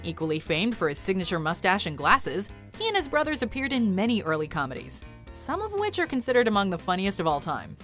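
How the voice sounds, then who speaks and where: A woman's voice: medium pitch, brisk, soft background music. A woman narrating a countdown video in an upbeat scripted style. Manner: upbeat, lively list presenting.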